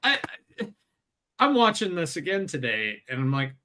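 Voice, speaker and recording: A man's voice: fairly high pitch, big pitch swings, normal speed, pushed and bright. A man co-hosting a podcast, speculating thoughtfully in casual chat with hesitant starts. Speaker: podcast co-host.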